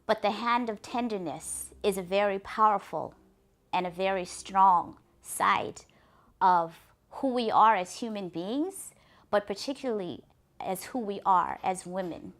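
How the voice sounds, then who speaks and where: A woman telling a folktale and then reflecting on its moral, earnest and lively. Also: mid-range voice, a little slow. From Africa. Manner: earnest, lively narration with restarts. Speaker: storyteller.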